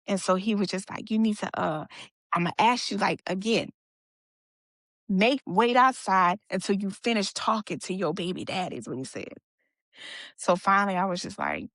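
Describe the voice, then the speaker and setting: A woman's voice: on the low side, fairly bright tone, no room sound. Woman retelling her story, dry close sound. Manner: conversational, retelling events with quoted dialogue and fillers. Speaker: guest sharing her story. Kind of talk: personal storytelling in a podcast interview.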